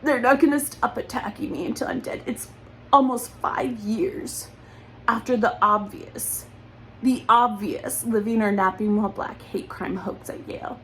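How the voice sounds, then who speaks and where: A woman's voice: on the high side, steady tone, a little slow, a bit bright, slight background noise, rough recording. A woman speaking in an emotional personal monologue, accusatory and repetitive, holding back tears. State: close to crying.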